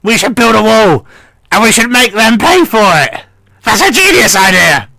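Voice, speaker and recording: A doddering old male gnome lord speaks in a high, thin, fussy voice, dodging every question, as a man puts him on. The tone is bright and pointed. It sounds close and dry, like a tabletop game played over a voice call. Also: sing-song, normal speed, gravelly, no room sound, heavily acted. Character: ancient greasy male gnome lord, henpecked and dim.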